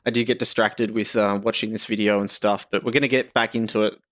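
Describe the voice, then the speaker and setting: A man's voice: on the low side, flat delivery, quick pace, a bit bright. Laid-back Australian man streaming. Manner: rambling, laid-back, lots of "you know" and "like". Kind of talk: casual livestream chat.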